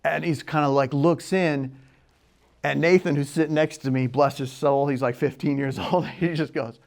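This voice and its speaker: Storytelling man, hushed then excited. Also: on the high side, normal speed, vocal fry. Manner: quiet and hushed in places, then loud and excited, acting out shouts. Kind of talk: personal storytelling.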